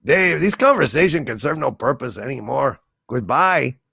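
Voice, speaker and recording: A man voicing a calm, menacing ship computer with a relaxed Chicano accent, refusing requests in a slow, mock-polite way. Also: medium pitch, creaky, husky, dry recording, clean studio sound, heavily acted. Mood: calmly refusing.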